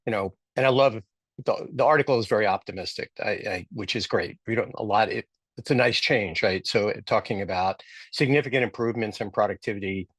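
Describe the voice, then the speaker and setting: Low-voiced man co-hosting a business podcast. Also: fairly quick, fairly bright tone, slightly rough, dry recording. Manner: joking, thinking aloud with restarts. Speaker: podcast co-host. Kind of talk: casual business podcast chat.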